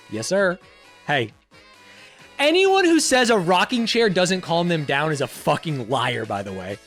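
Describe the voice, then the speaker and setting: A young man with a fairly high, very lively voice gives animated, profane commentary as he reads quiz questions aloud. He laughs often and swings his tone all over the place. Faint music plays softly behind him. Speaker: YouTuber.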